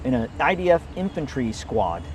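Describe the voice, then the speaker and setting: A man's voice: medium pitch, very animated, normal speed, noisy background. A middle-aged man, a military veteran, speaks earnestly in an interview, repeating phrases as he explains. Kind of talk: sit-down interview.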